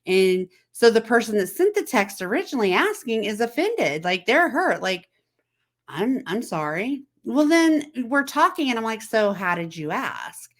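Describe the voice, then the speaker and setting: A woman host with a fairly high, sing-song voice talks unhurriedly to camera in a casual chat. She keeps it conversational, questioning the viewer and acting out text messages in quoted voices.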